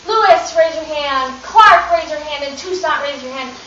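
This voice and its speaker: A woman's voice: high voice, moderate pace, bright, forceful tone. A woman leading a children's drama rehearsal, upbeat and encouraging, giving step-by-step instructions. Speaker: drama workshop teacher. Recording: distant, echoey, dull lo-fi recording with hiss.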